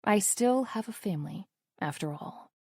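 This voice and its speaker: A woman's voice: medium pitch, expressive, normal speed, a little mellow, slightly rough, no room sound, clean studio sound. A woman narrating a romance audiobook in the first person, wry and intimate in her telling.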